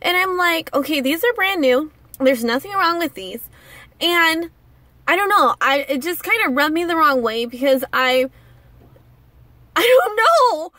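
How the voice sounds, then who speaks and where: A woman's voice: very high voice, very animated, a little slow, pushed and bright, no echo. A young woman vlogger telling a story to camera in a casual, indignant rant.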